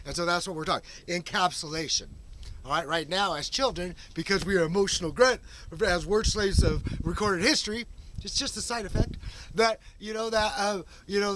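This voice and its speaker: A man's voice: high-pitched, fairly bright tone. A man talking in a rambling, unscripted monologue, full of restarts and fillers. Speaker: vlog host.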